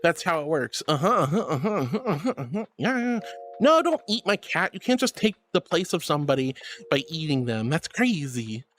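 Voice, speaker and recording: A man live-streaming in a virtual world, chatting casually and gushing over his viewers in playful, excitable bursts. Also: fairly high pitch, normal speed, slight background noise.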